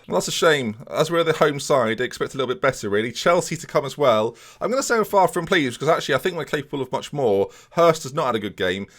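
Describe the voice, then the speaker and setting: Guy, mid-pitched, chatty game commentary, keeps addressing viewers, flips from calm to yelling. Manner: excitable, jokey, talks to viewers, sudden outbursts. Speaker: gaming video creator. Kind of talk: casual commentary over a football management game. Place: small home room with a fan and softbox light.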